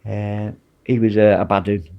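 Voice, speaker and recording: A man's voice: on the low side, flat delivery, normal speed, vocal fry, highs cut off. Blunt Mancunian man telling stories. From Manchester, England. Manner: blunt, rambling anecdotes with frequent "mate". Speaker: guest, former prison officer. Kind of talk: casual storytelling interview.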